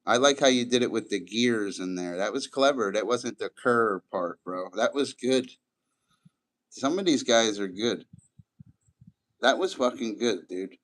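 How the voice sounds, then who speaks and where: A middle-aged man streams live and talks in a loose, rambling way, full of swearing. His voice sits low. He drifts from story to story as he answers his chat. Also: a bit bright, low-quality recording. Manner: loose, profane, rambling and chatty.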